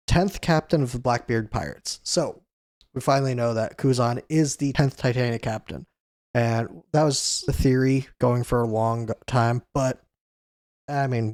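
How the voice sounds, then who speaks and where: A man's voice: medium pitch, a little mellow, no room sound, studio quality. A young man hosting a manga chapter review, recapping in a loose, chatty way with fillers and self-corrections. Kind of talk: casual spoken chapter recap.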